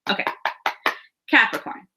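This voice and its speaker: A woman in her thirties giving a casual, reassuring astrology and tarot reading to camera, chatty and warm-hearted, with laughs and sighs between thoughts. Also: a little slow.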